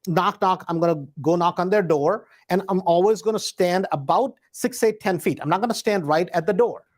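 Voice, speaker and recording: A man teaching real estate investing in a loose, conversational way, often checking in with the listener with a quick "right?". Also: high voice, a little mellow. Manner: conversational, peppers points with a tag question "right?"; acts out door-knocking scripts in a hesitant, searching tone. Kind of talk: live instructional talk.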